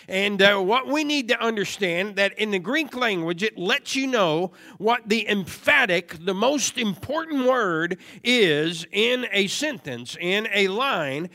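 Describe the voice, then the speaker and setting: A man preaching a sermon to a congregation, moving from steady teaching into loud, emphatic repetition. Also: high-pitched. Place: church service before a congregation.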